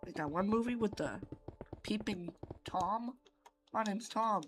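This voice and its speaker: Slow, rambling woman gamer. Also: mid-range voice, faint music behind. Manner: rambling, goofy, jokes to self. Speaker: Minecraft builder. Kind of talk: casual gameplay commentary.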